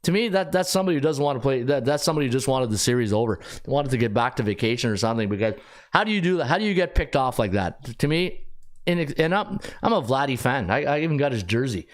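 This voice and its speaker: Animated man hosting a betting show. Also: medium pitch, fast talker. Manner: animated, rambling, frequent restarts. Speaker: sports betting podcast host. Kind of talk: casual live-stream talk.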